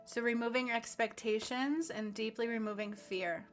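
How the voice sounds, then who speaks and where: A woman leading a guided healing meditation, speaking slowly and earnestly and reciting affirmations aloud. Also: on the high side, fairly even intonation, soft background music. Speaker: spiritual healer.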